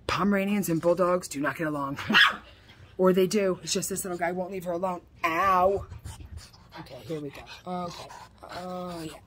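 A woman's voice: fairly low pitch, background noise. A woman filming a casual pet vlog, cooing baby talk at her dogs with dogs snorting nearby. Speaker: pet owner vlogger.

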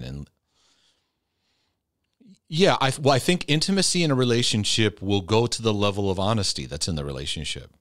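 In a lowish voice, a man answers viewer questions during a casual faith-based advice talk he hosts. His delivery is conversational and emphatic, rising loud and then dropping soft. The sound is clean studio quality without echo.

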